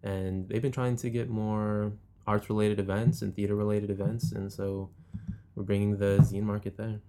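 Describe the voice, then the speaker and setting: A man with a Chicago accent speaks in a low, gravelly voice with a dark, mellow tone. He chats casually as a guest and laughs easily. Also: little pitch movement, normal speed. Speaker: guest, bookstore owner. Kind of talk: casual chat.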